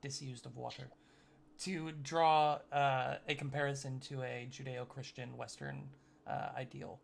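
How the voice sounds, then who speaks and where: A man's voice: medium pitch, little pitch movement, measured pace, gravelly. A man narrating a tabletop game as game master, rambling with fillers and joking asides.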